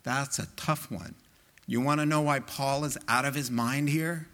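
A pastor preaching a sermon with impassioned, emphatic delivery, climbing into high quoted exclamations. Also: male voice, fairly even intonation, a little slow, fairly bright tone.

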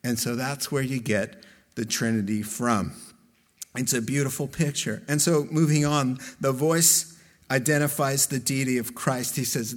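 A man preaching a sermon as a pastor, emphatic and slow, with dramatic pauses between phrases. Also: mid-range voice, fairly even intonation.

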